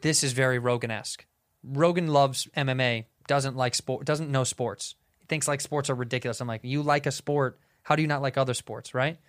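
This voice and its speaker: A man's voice: medium pitch, steady tone, a little fast, no room sound, studio quality. A middle-aged man co-hosting a podcast in casual chat, telling anecdotes and acting out quotes. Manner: chatty, acts out quotes in stories. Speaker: podcast co-host.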